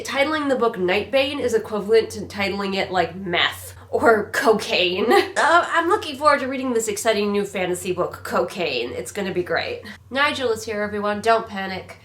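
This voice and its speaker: A woman's voice: medium pitch, fairly bright tone. Sarcastic woman critiquing a book. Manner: sarcastic, mocking. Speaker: book reviewer. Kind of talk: casual read-along book critique.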